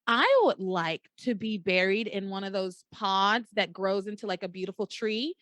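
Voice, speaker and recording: A young woman hosting a podcast, casually retelling soap opera scenes and acting out the characters' lines in a high, dramatic voice. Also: normal speed, no echo. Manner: animated storytelling, acts out quotes in a high dramatic voice. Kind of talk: casual chat.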